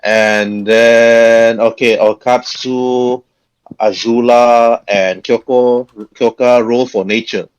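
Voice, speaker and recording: A man running a tabletop game as game master, talking in a halting way with frequent chuckles. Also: medium pitch, fairly even intonation, clean tone, poor audio.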